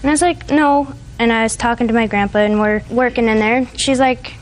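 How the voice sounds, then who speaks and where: A woman's voice: a little high, steady tone, brisk, hardly any pauses, rough recording. A woman in her twenties testifying in a TV courtroom, retelling events in a rambling, hesitant way. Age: 20s. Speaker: defendant.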